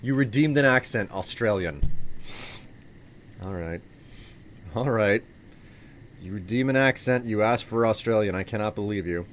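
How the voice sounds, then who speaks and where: A man's voice: fairly low pitch, a little fast, a little hiss or hum. A man streaming a game live, chatting casually and thinking aloud as he plays. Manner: casual, rambling, thinking aloud while playing. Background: game music.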